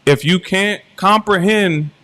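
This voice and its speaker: A man's voice: high voice, takes it slowly, pushed and bright. A man who owns a cafe, telling a story with emphatic, preachy delivery in a live-stream conversation. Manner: storytelling, preachy, rising and emphatic when making a point. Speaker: cafe owner and motivational speaker.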